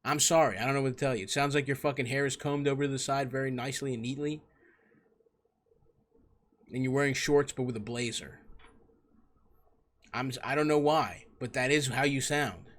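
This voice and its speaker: A man's voice: mid-range voice, fairly quick, long pauses, fairly bright tone. A young man hosting a comedy advice show, giving crude, profane and mocking answers to callers.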